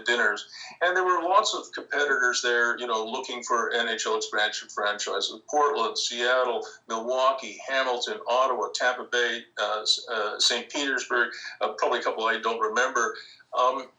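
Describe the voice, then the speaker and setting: An older man, a podcast guest telling a long anecdote in an animated way, acting out other people's lines. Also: mid-range voice, far from the mic, rough recording. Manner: animated, acts out quoted voices. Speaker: interview guest. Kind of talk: storytelling anecdote.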